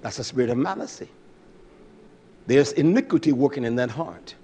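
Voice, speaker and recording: A man preaching a sermon with blunt, salty language, swinging from loud shouts to low mutters. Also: lively intonation, moderate pace, slight background noise.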